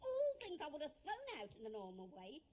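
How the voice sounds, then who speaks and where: A brisk household cook. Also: female voice, high-pitched, wildly swooping pitch, a little mellow. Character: bossy middle-aged household cook. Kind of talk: 1970s television period drama.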